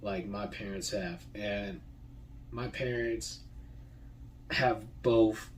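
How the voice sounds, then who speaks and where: A young man thanking the people who shaped him, talking in a halting, heartfelt way with many repeated words and fillers. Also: on the low side, distant mic, a little hiss or hum, rough recording. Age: young adult. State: tearful, voice breaking. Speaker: graduating high school student. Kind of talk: heartfelt personal thank-you.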